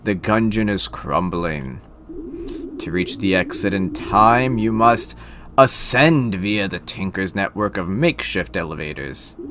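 A man's voice: low voice, noisy background, pitched below the performer's own voice, heavily acted. A man doing a pompous knightly game tutor. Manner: pompous, lofty lecturing.

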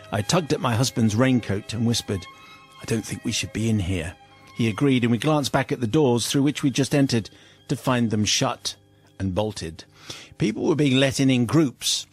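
A British man, a radio host, reads a listener's comic story aloud with lively, amused delivery and playful quoted voices. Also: mid-range voice, slightly rough.

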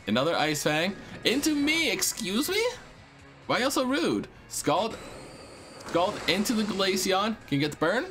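A man hosting a video game let's play, excitable and slangy, cursing and talking to his viewers. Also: mid-range voice. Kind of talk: casual gameplay commentary.

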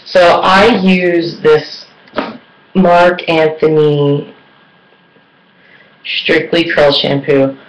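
A woman's voice: low-pitched, little pitch movement, extremely slow, pauses often, noisy background. A woman chatting casually in a beauty vlog, rambling with lots of fillers. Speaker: beauty vlogger. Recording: echoey room.

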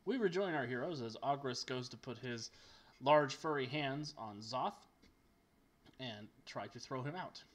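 A man narrating as game master in a tabletop game, lively and joking. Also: mid-range voice, a little slow. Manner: animated and joking.

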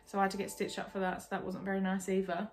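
A woman's voice: medium pitch, very fast. A young woman from England telling a personal story in a casual, candid way, full of "like". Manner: chatty, lots of "like", candid and animated. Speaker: vlogger.

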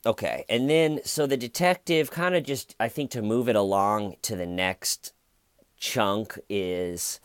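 A man giving casual, animated true crime commentary who acts out the quoted lines as he recaps. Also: fairly low pitch, clean tone, dry recording, studio quality.

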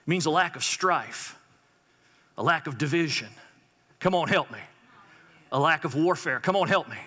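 A man's voice: fairly high pitch, lively intonation, fairly quick, long pauses, pushed and bright, big-room sound. A man preaching a sermon as a church pastor, calling out to the congregation for amens and responses. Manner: call-and-response preaching, repeated prompts to the congregation. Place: church sanctuary.

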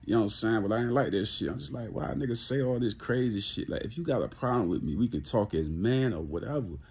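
A man's voice: on the low side, animated, quick pace, a little mellow, husky, highs cut off. A man ranting casually to camera, blunt and profane, often repeating himself and laughing. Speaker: vlogger.

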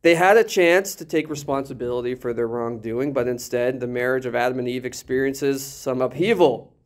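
A male pastor preaching an animated sermon, full of jokes and rhetorical questions. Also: medium pitch, a little fast.

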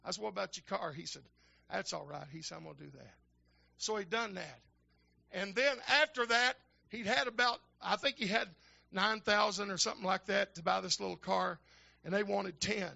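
Gravelly older preacher, lo-fi. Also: male voice, sits high, moderate pace. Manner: builds to shouting fervor, folksy storytelling. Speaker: minister. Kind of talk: storytelling sermon.

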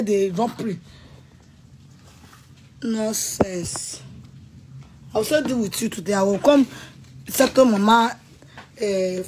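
A woman with a Nigerian accent, ranting angrily and scolding someone in bursts of shouting and threats. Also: medium pitch, a little hiss or hum, low-quality recording. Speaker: vlogger. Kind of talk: angry rant to camera.

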